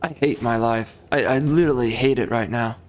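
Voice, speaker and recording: A man's voice: mid-range voice, fairly quick, faint music behind. A young man commenting on his strategy game, grumbling and exasperated as things go wrong. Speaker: gameplay streamer. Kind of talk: frustrated gameplay commentary.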